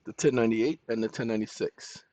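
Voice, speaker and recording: A man's voice: medium pitch, quick pace, warm tone. Man dictating prompts, punctuation and all. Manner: dictates punctuation aloud between loose asides. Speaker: channel host. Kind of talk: screen-recorded tutorial, dictating prompts aloud. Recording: dull lo-fi recording.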